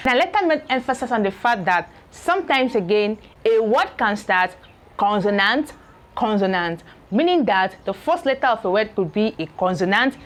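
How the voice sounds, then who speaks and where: A woman teacher leads a beginner English lesson at a board. She repeats syllables in slow drills and keeps asking "okay?" to check that her learners follow. Her voice sits at a middle pitch. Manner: drills syllables slowly, tagging lines with "okay?". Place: classroom or room with a board.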